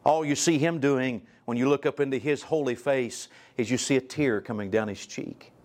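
A male guest preacher delivering a sermon, reading scripture aloud and asking the congregation direct questions, his pitch and loudness swinging widely. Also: normal speed. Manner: reads scripture aloud in old-style wording; asks the listeners direct questions.

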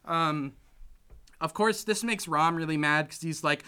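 A man's voice: fairly high pitch, a little slow, sharp tone, smooth. A young man casually recapping a film plot, rambling with lots of "like" and "you know" and acting out the characters' lines. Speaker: podcast co-host recapping a film. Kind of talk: casual chat.

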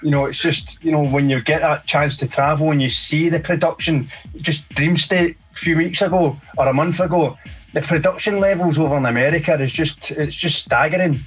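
A man's voice: fairly high pitch, brisk, breathy edge, faint music behind, poor audio. A Scottish man, a DJ and producer, chatting casually in an interview, rambling and dropping "mate" and "you know" often. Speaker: DJ and producer guest.

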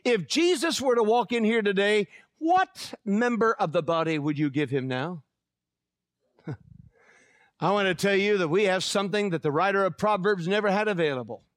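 High-voiced emphatic male preacher. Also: dry recording, clean studio sound. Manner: emphatic, slows down to read scripture aloud; jokes and laughs with the congregation. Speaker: pastor. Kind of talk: sermon.

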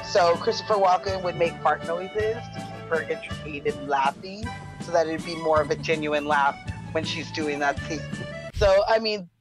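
A male co-host with a high voice who jokes in a playful, crude way. There is faint music behind him. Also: moderate pace, low-quality recording. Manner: jokey, playful, crude humor. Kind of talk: casual podcast chat.

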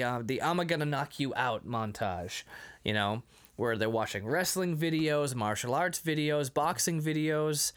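Animated man recapping a movie. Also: on the high side. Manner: animated, acts out film lines in goofy voices. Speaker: podcast co-host. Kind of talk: casual movie-recap chat.

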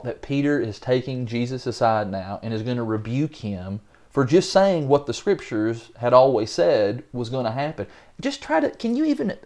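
A man talking through a Bible passage with a co-host in a relaxed, conversational way. He gets animated and acts out the people in the story. His voice sits in an ordinary middle pitch. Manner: animated, acts out biblical figures with rising pitch. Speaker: Bible study podcast co-host. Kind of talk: casual Bible discussion.

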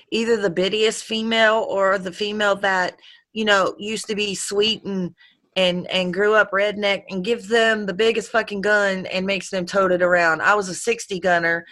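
A woman's voice: medium pitch, pushed and bright. A woman hosting a casual online chat, rambling and profane and laughing often. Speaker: host. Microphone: online call.

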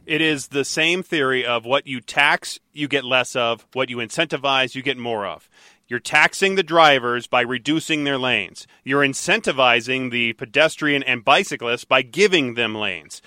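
A man hosting a talk radio show, chatting and teasing his co-host in a lively, animated way. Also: medium pitch, normal speed, no echo, studio quality. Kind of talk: casual talk radio banter.

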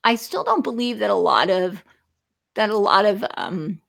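Earnest woman host with a gravelly edge. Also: medium pitch, expressive, normal speed, fairly bright tone. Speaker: talk show host. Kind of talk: conversational interview.

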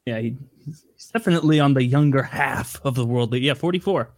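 A man in a casual chat among friends, joking and quick to laugh. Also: medium pitch, dry recording.

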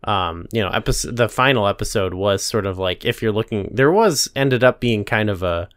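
A man's voice: on the low side, moderate pace, clear, resonant tone, dry recording, studio quality. A man co-hosting a podcast, talking casually and a bit hesitantly about a show. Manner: relaxed, hesitant with fillers. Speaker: podcast co-host. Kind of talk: casual chat reviewing a show.

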